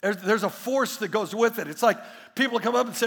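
A man preaching a sermon as pastor, emphatic and repetitive, swinging between hushed asides and loud declarations. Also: sits high, a little fast, vocal fry, big-room sound.

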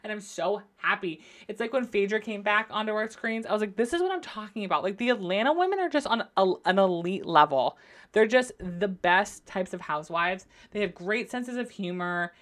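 A young woman hosting a casual solo podcast, recapping reality shows in a gushing, animated way and swearing freely. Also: medium pitch, moderate pace. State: going through postpartum depression. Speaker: podcast host.

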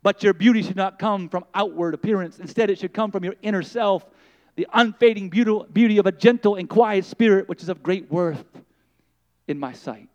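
A man voicing the Lord in a sermon story, speaking softly and tenderly to a weary woman. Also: high-pitched, dull audio, natural voice. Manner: soft, tender, slow.

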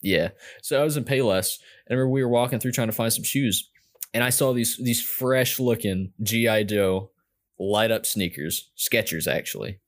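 A man's voice: lowish voice, normal speed. A young man telling a story in casual chat, rambling and self-mocking with lots of fillers and restarts.

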